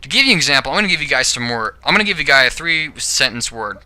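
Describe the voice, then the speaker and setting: A man's voice: mid-range voice, very animated, racing, sharp tone. A man giving a casual, rambling opinion monologue to camera, with frequent "you know" and "all right?" and stumbling restarts. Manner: self-correcting, stumbling restarts. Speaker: video blogger.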